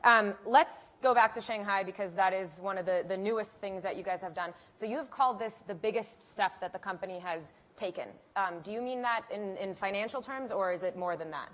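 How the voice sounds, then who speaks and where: A woman's voice: mid-range voice, a little fast, few pauses, fairly bright tone. A woman hosting an onstage conference interview, chatty and upbeat, with frequent "um" fillers. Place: conference stage.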